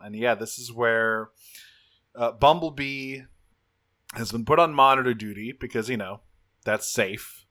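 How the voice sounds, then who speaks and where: A man's voice: medium pitch, measured pace. A man co-hosting a podcast, recapping a cartoon in casual chat, swearing freely and acting out the characters' lines. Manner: profane, animated, acts out characters' lines. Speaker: podcast co-host.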